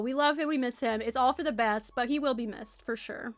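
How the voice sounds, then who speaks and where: Bright, high-voiced woman streamer. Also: brisk, no room sound, faint music behind. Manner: chatty, playful gossiping about villagers. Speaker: streamer and game channel host. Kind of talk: casual let's play commentary.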